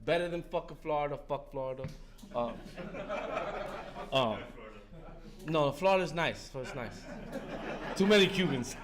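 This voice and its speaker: A man's voice: a little high, animated, a crowd in the background. Blunt older New man sharing. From New York. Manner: blunt, profane, joking, with halting restarts. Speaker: recovery meeting speaker. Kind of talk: sharing at a recovery meeting.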